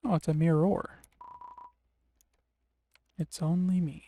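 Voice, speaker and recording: A man streaming a game live, making relaxed, rambling commentary with wry, sarcastic asides. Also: a little high, takes it slowly, a little hiss or hum. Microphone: desk mic on a streaming setup.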